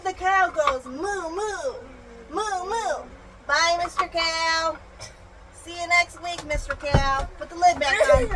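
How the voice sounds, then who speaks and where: A young mother teaching her child at home in a singsong voice, with exaggerated gasps and animal sounds. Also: very high voice. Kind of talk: home video, playful teaching. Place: home room. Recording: noisy home phone recording.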